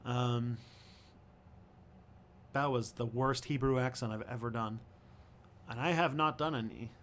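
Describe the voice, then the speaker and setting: A male host answering viewer questions on a casual livestream, thinking aloud in a halting way with many fillers and restarts. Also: mid-range voice, steady tone, fairly bright tone, slight background noise.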